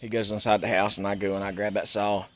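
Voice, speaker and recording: A middle-aged man from North Carolina, telling a personal story in an animated, emphatic rant. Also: on the low side, quick pace. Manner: animated, emphatic, swings between loud and hushed. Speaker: YouTuber.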